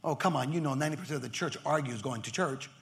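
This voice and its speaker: A male pastor preaching a sermon emphatically, swinging from shouts to near whispers and acting out members of the congregation. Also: on the high side, rapid-fire.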